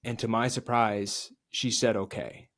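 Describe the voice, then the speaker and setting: Man telling a candid personal story. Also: moderate pace. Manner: confessional, drops quiet and low at emotional moments. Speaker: podcast guest.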